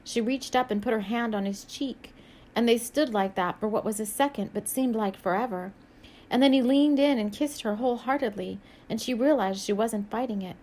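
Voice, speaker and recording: A woman with a fairly high voice reads her own romance novel aloud in a soft, even way. Between passages she muses, hesitates and laughs lightly as she offers a spiritual message. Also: moderate pace. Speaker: author and spiritual reader.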